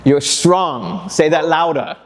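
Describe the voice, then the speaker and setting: Upbeat guy giving a pep talk to students, slightly high voice, keeps getting them to shout stuff back. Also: slow. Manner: energetic, call-and-response, coaxing audience. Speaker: motivational speaker. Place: school hall.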